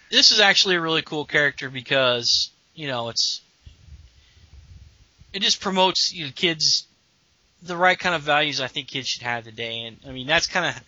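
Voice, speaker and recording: A man co-hosting a casual chat, earnest and halting, often restarting sentences. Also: medium pitch, pushed and bright, no room sound. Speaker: podcast co-host. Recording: dull lo-fi sound.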